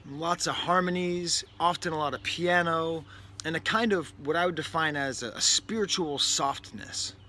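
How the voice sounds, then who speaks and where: A man from New England, his voice a little high, pushed and bright, hosts a laid-back record review at a moderate pace. He rambles in a wry way, breaking off mid-thought for asides, while a bird outside the nearby window and faint background noise fill the indoor setting.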